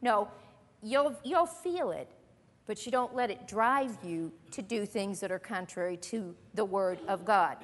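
A woman speaking unhurriedly in a mid-range voice gives a Bible lesson to a group in a church meeting room. She keeps it earnest and conversational, questioning her audience as she goes. The recording echoes with long, hall-like reverb.

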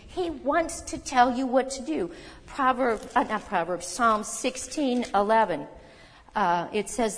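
A woman's voice: fairly high pitch, animated. Conversational woman preaching in a reverberant hall. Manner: conversational, emphatic, with quick asides and self-corrections. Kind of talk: sermon. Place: church hall.

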